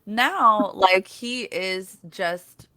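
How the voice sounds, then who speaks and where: A woman in a casual podcast chat, telling animated stories and acting out the voices in them. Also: mid-range voice, extremely slow, dry recording. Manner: animated storyteller who acts out voices in her anecdotes.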